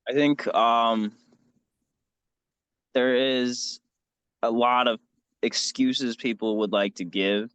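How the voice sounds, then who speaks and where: A man talks as a podcast guest, working through his thoughts in a halting, reflective way. His voice sits at a middle pitch and is recorded close and dry, with no room sound around it. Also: steady tone, fairly bright tone, clear, resonant tone, no room sound. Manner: reflective, halting with restarts and fillers. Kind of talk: candid personal storytelling.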